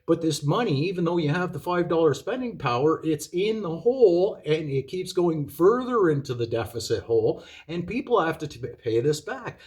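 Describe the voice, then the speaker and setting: A man's voice: fairly high pitch, lively intonation, normal speed, hardly any pauses, darkish tone. A man ranting in a monologue to his viewers, profane and exasperated, lecturing them with rhetorical questions. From Canada. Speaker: video commentator.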